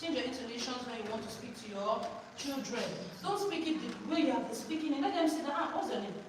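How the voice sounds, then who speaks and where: A woman's voice: a little high, fast. A woman running a teacher training workshop, drilling the room call-and-response style and prompting listeners to finish her sentences. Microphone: far from the microphone. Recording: echoey hall, distant mic, noisy.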